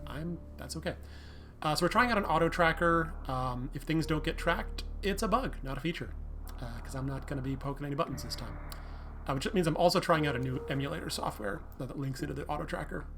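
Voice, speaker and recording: A tired man streaming a game, thinking aloud in a relaxed, self-deprecating way. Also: a little high, fast talker, a little hiss or hum. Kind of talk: casual live-stream commentary.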